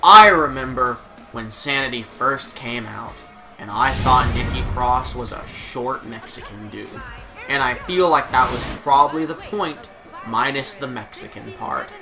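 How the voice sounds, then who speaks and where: A man's voice: mid-range voice, measured pace, creaky, over music. A man giving casual, rambling gameplay commentary on his own, profane and joking, with asides to his dog. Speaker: video game commentator.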